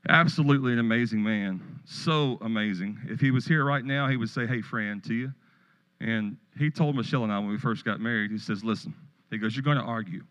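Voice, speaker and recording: A man's voice: mid-range voice, brisk, fairly bright tone, poor audio. A middle-aged man pastor preaching a sermon, telling stories and joking with the congregation in a church. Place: church sanctuary.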